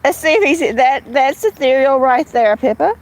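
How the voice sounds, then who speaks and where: A woman's voice: sits high, lively intonation, normal speed, rough recording. A woman hosting a casual live stream, chatting bluntly and rambling while answering viewers' comments. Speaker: live-stream host reading chat.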